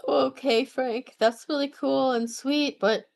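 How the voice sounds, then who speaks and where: A woman's voice: sits high, steady tone, takes it slowly, vocal fry, a little mellow. Chatty woman rambling casually. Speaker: video host. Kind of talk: casual chat.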